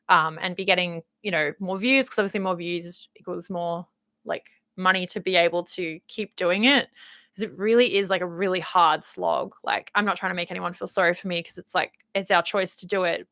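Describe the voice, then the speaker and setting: A woman's voice: on the low side, pushed and bright, dry recording, studio quality. A young Australian woman with a slight Valley Girl lilt, chatting casually and rambling with lots of fillers as she reads out her live chat. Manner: upbeat, rambling, uses many fillers like "like" and "um". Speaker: YouTube host reading live chat.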